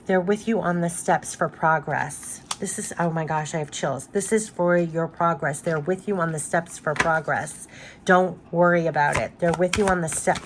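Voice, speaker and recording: A woman's voice: lowish voice, moderate pace, background noise. A woman giving a spiritual card reading, talking in a loose, rambling way and repeating reassurances emphatically. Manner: loose and rambling with many restarts. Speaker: tarot card reader.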